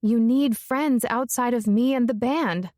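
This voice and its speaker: A woman's voice: on the high side, unhurried, a little mellow, dry recording, clean studio sound, pitched above the performer's own voice, natural voice. A woman narrator voicing a blunt, fiery young woman, speaking emphatically and forthrightly.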